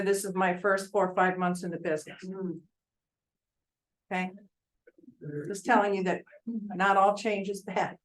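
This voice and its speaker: Older woman, seasoned realtor, informal talk to a room of colleagues; chatty storyteller who tosses questions to the crowd, mid-pitched voice. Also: a bit bright, rough recording. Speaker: real estate agent addressing colleagues.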